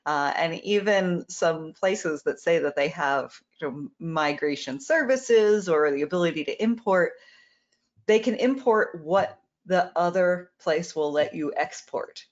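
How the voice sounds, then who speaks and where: A woman's voice: lowish voice, animated, a little slow. Frank explaining woman, muffled audio. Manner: frank, explanatory, repeats words while thinking. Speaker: company co-founder answering questions. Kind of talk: casual Q&A answers.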